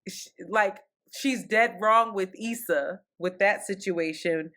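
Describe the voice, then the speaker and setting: A woman's voice: medium pitch, takes it slowly, fairly bright tone. A woman co-hosting a casual pop culture podcast, giving blunt, opinionated takes. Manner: opinionated, blunt, laughs often. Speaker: podcast co-host.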